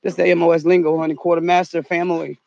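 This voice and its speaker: A woman's voice: on the low side, quick pace, gravelly, no room sound, muffled recording. A woman hosting a comedic outdoor vlog in the cold, fretting aloud and calling out for her missing dog. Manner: excitable, frets aloud, calls out a dog's name. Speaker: channel host.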